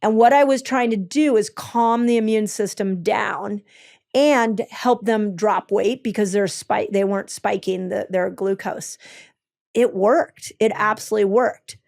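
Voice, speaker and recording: A woman's voice: medium pitch, a little slow, gravelly, darkish tone. A woman, a health expert with her own clinic, explaining her ideas in an eager, conversational way, stepping through each point with frequent ums and restarts. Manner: enthusiastic, explains step by step, many ums and restarts.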